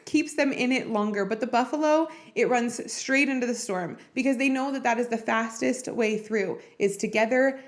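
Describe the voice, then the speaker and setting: A woman hosting a podcast, speaking in a heartfelt, personal and encouraging way about faith and marriage. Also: fairly high pitch. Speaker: podcast host. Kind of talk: earnest faith-based marriage talk.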